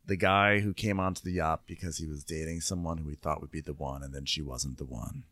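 Man, very low voice, dry close sound, wry storyteller, casual podcast banter. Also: fairly even intonation, a little fast, pushed and bright, no room sound. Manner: wry, playful storytelling, often mimicking others. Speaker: podcast co-host. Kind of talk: casual comedic chat recapping a reality show.

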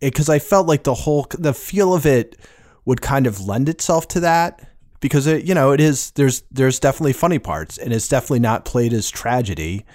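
Guy rambling thru a movie critique, mid pitch, lots of "like, kind of", dry sound. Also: animated, fairly quick, a little mellow, no echo. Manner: rambling, lots of hedging fillers. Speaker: podcast co-host. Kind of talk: casual film review chat.

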